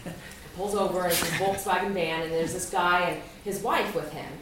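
A young woman from Alaska telling a personal story to a room, lively, laughing often and acting out what people said. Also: fairly low pitch, brisk, a little hiss or hum. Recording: echoey room, far from mic.

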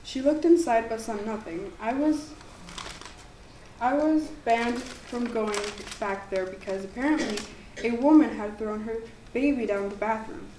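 A woman's voice: a little high, mellow. Woman reading a ghost story, echoey. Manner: earnest, slightly halting reading with restarts. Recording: echoey room, mic far off, faint background noise.

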